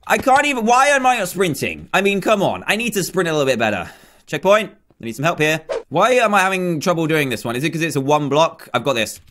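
A man's voice: a little high, very animated, fast, a bit bright. A young man commentating his own game play, chatty, self-mocking and easily flustered. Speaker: gaming YouTuber.

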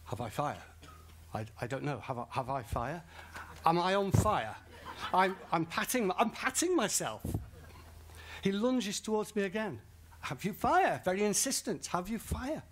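A man's voice: high-pitched, expressive, normal speed, slight background noise. A man from northern England with a Northern English accent, preaching a sermon at a festival and telling a comic story. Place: large festival tent or hall.

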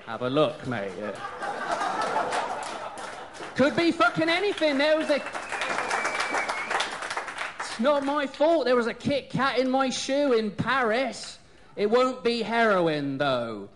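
Male stand-up from Somerset, high voice, crude crowd-baiting delivery, live club with heavy audience noise. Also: big pitch swings, slow, pauses often. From Somerset, England. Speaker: stand-up comedian. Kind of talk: stand-up comedy set. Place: comedy club stage.

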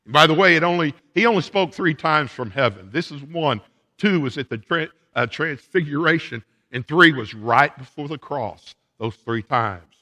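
A man's voice: on the high side, normal speed, sharp tone, big-room sound. A male pastor preaching a sermon in a church sanctuary, laying out his points one by one with emphasis.

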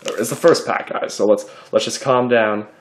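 A man hosting a casual card-opening video, chatty and excitable as he reads out card names. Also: on the low side, moderate pace.

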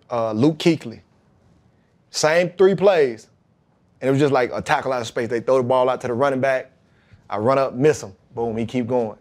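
A man, a podcast guest, telling a personal story in casual, slang-heavy talk and acting out the quoted dialogue. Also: medium pitch. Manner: animated, acts out quoted dialogue; relaxed slang-heavy talk with frequent "you know what I mean". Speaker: podcast guest, pro football player.

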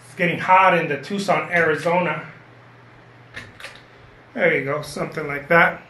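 A man's voice: on the high side, steady tone, moderate pace, sharp tone, a little hiss or hum. A man giving a live painting lesson, chatty and encouraging, repeating his points and often asking "okay?". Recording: roomy echo.

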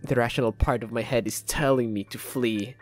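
A man from the Philippines reads a horror game's narration aloud in a mid-pitched voice, dramatic and mixed with his own asides. Faint music sits under his voice. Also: fairly even intonation, fairly quick. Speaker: let's play gamer. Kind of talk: reading game narration aloud with commentary.

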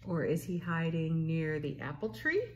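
A woman, a children's librarian, leading a slow, playful storytime for babies and toddlers and asking the little ones questions. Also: sits low, a little mellow, a little hiss or hum. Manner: sing-song, slow, playful, asks little listeners questions.

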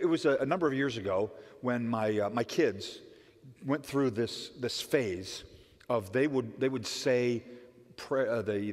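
Middle-aged male pastor, mid-pitched voice, chatty sermon, long echo of a church sanctuary. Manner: conversational preaching with frequent "right?" asides; dynamic, swings between loud emphatic and soft quiet lines.

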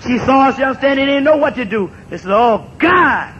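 Very high-voiced older man, emphatic. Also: quick pace. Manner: emphatic, repeats phrases, builds to shouts. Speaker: speaker addressing an audience. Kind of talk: impassioned public talk. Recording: dull lo-fi recording with faint rumble.

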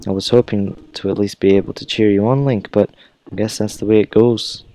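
A man's voice: fairly low pitch, steady tone, a little fast, mellow, slight background noise, close to an everyday voice, low-quality recording. A man voicing a skinny, eager young male student in an odd put-on accent, reading game dialogue aloud. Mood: cheerful.

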